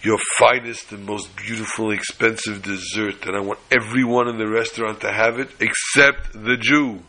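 A man voicing a spiteful grown man who shouts out boastful orders to a waiter. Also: fairly low pitch, steady tone, normal speed, hardly any pauses.

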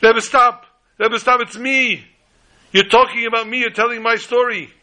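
A man voicing a frightened rich merchant who pleads in a high, urgent voice. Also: level tone, normal speed, pushed and bright, heavily acted. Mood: desperate.

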